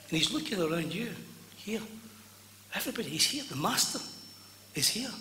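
A man preaching a sermon to a congregation, swinging from loud fervent cries to hushed near-whispers. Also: fairly high pitch, animated, normal speed, pauses often, a little hiss or hum. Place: church hall. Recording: echoey hall with long reverb.

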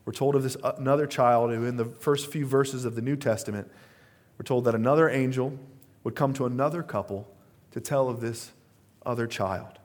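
A man in his thirties, a pastor preaching a sermon, telling stories in a relaxed conversational way with plenty of fillers and asides. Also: medium pitch.

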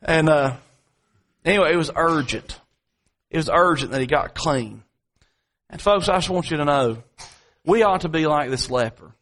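A man preaching a sermon, telling a story from home and then building to repetitive, dramatic appeals with slow, drawn-out emphasis. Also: a little high, fairly bright tone. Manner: dramatic preaching, swings between drawn-out emphasis and quick asides; repetitive, rhetorical delivery.

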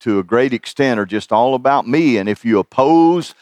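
A man's voice: medium pitch, animated, moderate pace, a little mellow, no echo. A middle-aged man preaching a sermon in a folksy, conversational way, chuckling at his own asides. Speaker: pastor.

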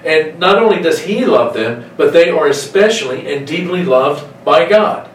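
A man preaching in a roomy, reverberant space, his voice coming from some distance off the mic. He is emphatic, drawing out the key phrases slowly. Faint room ambience sits underneath. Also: fairly high pitch, expressive, a little hiss or hum. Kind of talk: sermon.

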